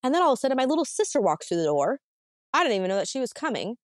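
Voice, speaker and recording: A woman's voice: on the high side, sing-song, rapid-fire, no echo, clean studio sound. A woman, a podcast guest, tells a painful personal story vividly and emotionally, with many casual "like" fillers.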